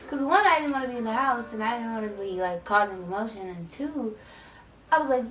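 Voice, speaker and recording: A young woman vlogger telling a dramatic storytime, acting out quoted dialogue in a lively way. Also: a little high, fairly quick, long pauses. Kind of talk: storytime vlog. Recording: roomy echo from a distant mic with faint music.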